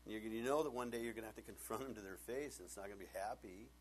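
A male pastor preaching a sermon, animated and laughing often, acting out bits of dialogue in changing voices. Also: fairly low pitch, racing, a little hiss or hum.

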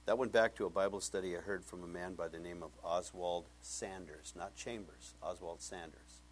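A man preaching as a pastor, telling a personal story with lively acted-out dialogue that swings up high when he gets excited. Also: moderate pace, slight background noise. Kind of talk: sermon with storytelling.

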